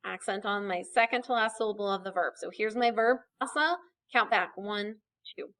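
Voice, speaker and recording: A woman's voice: medium pitch, moderate pace, a bit bright. A young woman teaching a recorded lesson, explaining patiently step by step and checking in with frequent "okay"s. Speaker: Spanish teacher.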